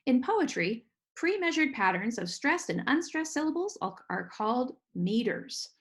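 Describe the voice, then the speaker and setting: Bright-voiced woman teaching song rhythm. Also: high voice, very animated, moderate pace. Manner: clear, patient explaining, sounds out rhythms. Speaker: music teacher. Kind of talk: online music lesson for children.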